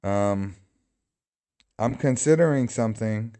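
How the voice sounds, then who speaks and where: A man's voice: lowish voice, takes it slowly, warm tone, smooth. Guy hosting a live stream, laid back, jokes around and swears a lot, sits at his desk mic. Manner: joking, swears freely. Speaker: livestream host. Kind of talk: casual live commentary.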